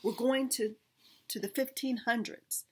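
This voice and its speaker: A woman's voice: on the high side, unhurried, slight background noise, natural voice. A woman reading as a brainy, proper talking dog. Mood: cheerful. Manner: calm and cheerful, turning to alarmed shouting.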